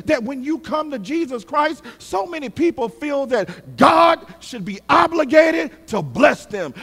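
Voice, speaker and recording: A male pastor preaching a sermon with great passion, swinging from shouts to hushed tones and calling on the congregation to respond. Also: very high voice, big-room sound. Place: church sanctuary.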